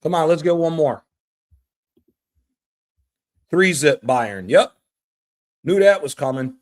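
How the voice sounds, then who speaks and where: A man streaming a live reaction to a football match, excitable and profane, trash-talking the players. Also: on the high side, slow. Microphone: streaming mic.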